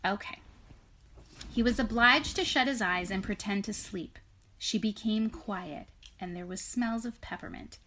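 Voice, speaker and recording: Woman reading a storybook aloud, mid pitch, pauses, casual asides. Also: bright, forceful tone. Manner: reads with long pauses, then explains in casual chat.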